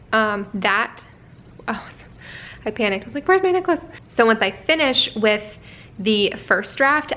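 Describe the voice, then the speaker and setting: A young woman in her twenties, an author vlogging casually from home, chatty and rambling with frequent self-corrections. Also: sharp tone. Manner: coos in a high voice when talking to her dogs. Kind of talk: casual vlog talk.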